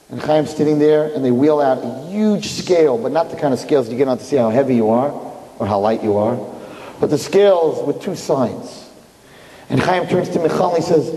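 A man, preaching and telling a story in an animated, emphatic way. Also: fairly quick, slight background noise. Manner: animated, emphatic, rising to high pitch. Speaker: religious speaker. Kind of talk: sermon with storytelling. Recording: hall reverb, faint ambience.

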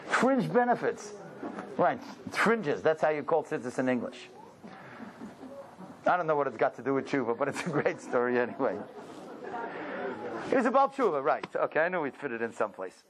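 A man's voice: medium pitch, very animated, a little fast, pauses often, background noise. A man giving a storytelling talk to a congregation, exclaiming and asking rhetorical questions. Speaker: religious speaker.

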